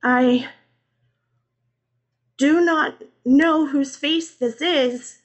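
A woman voicing an eerie girl who sing-songs and sobs in the dark, higher than her own voice. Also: expressive, slow pace. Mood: sobbing. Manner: sing-song, then sobbing.

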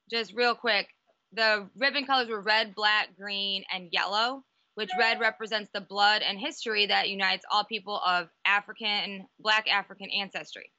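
Bright-voiced enthusiastic woman. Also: medium pitch, no echo, highs cut off. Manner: enthusiastic, gushing. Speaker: podcast co-host. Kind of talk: casual chat about college gymnastics.

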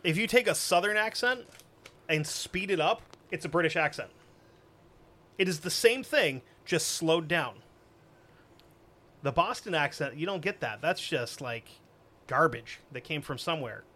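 A man's voice: a little high, expressive, unhurried, long pauses, pushed and bright. A man co-hosting a casual history podcast, joking and swearing as he reads from his notes. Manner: profane, joking, reads quotes aloud. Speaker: podcast co-host.

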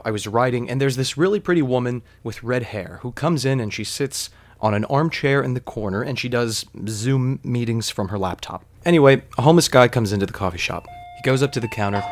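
A man telling a story casually, rambling and digressive, with lots of fillers. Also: mid-range voice.

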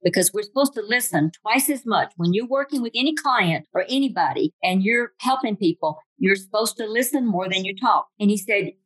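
A woman's voice: medium pitch, brisk, hardly any pauses, breathy edge, dry recording, rough recording. An older woman with a Southern accent from Tennessee, giving a humorous, folksy motivational talk full of stories. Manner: folksy, humorous, animated storyteller. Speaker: motivational speaker.

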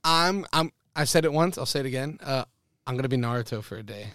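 A man's voice: mid-range voice, lively intonation, fast talker, a bit bright, clear, resonant tone, dry recording, studio quality. A young man co-hosting a podcast, chatting casually and upbeat, leading the questions. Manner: upbeat, laughs easily, leads the questions. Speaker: podcast co-host. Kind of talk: casual chat.

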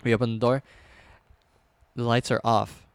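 A man's voice: mid-range voice, level tone, normal speed, no room sound. A young man telling a story in a casual chat, loose and slangy, with plenty of swearing and filler words.

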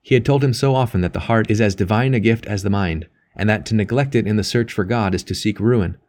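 Measured male audiobook narrator. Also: on the low side, a little mellow. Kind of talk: scripted narration.

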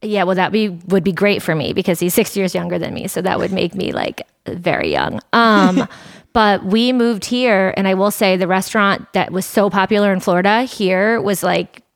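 A woman's voice: medium pitch, animated, normal speed. A woman in her thirties from Ohio, a restaurant server guest on a podcast, telling stories in a chatty way and often laughing. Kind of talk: casual chat.

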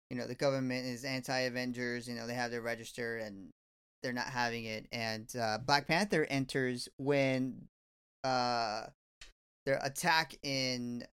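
A podcast co-host recapping a film in a relaxed, rambling way, leaning on fillers. The voice is smooth and clear at a middle pitch. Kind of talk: casual chat.

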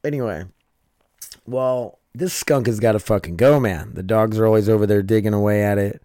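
A man's voice: on the low side, normal speed, warm tone, dry recording, studio quality. A man hosting his own podcast, talking casually and rambling with a scratchy, strained throat, swearing and cutting himself off. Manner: rambling, profane, self-interrupting. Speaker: podcast host. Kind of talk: casual late-night monologue.

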